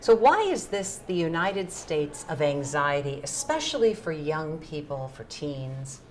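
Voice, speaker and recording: A woman hosting a TV program, presenting a scripted introduction and interviewing a guest with a measured, earnest delivery. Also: sits low, very animated, a little hiss or hum. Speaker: TV host.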